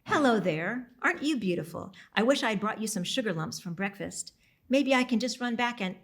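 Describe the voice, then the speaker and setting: A woman reading aloud, giving the lines of a flustered, eager young modern woman with a chatty, excited manner. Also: on the high side, normal speed. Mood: affectionate.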